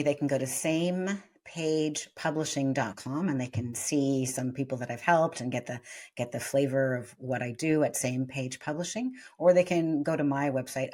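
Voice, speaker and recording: A woman's voice: rumbling low, darkish tone. A woman author and publisher, a guest on a podcast interview, giving upbeat, plain-spoken advice.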